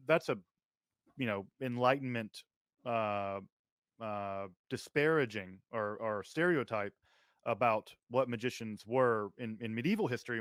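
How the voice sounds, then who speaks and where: A man's voice: medium pitch, fairly bright tone, dry recording. A man hosting an academic conversation, speaking emphatically and articulately. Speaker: podcast host.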